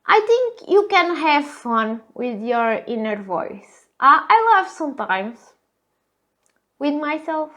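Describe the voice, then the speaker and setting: A woman from Portugal with a Portuguese accent, a native Portuguese speaker, hosting a reflective solo podcast in a thin, squeaky, girlish voice and pausing often on hesitant fillers. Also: big pitch swings, pushed and bright. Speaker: podcast host.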